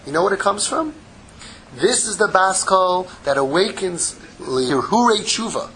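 A man giving an impassioned Torah sermon, mixing Hebrew terms into English and swinging from loud pleading to hushed, intimate tones. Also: high voice, lively intonation, a little slow, a little hiss or hum, low-quality recording. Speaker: rabbi giving a Torah class.

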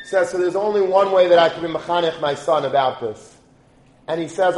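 Animated storytelling man in an echoey room. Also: high-pitched, fairly quick. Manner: animated, acts out quoted characters with Yiddish and Hebrew words. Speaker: rabbi telling a story. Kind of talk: casual storytelling talk.

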